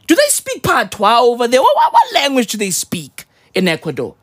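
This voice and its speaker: A man ranting casually, rambling in heavy slang with mock patois words, swinging between loud outbursts and low mutters. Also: wildly swooping pitch, normal speed, hardly any pauses, slightly rough, dry recording, studio quality. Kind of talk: casual profane rant.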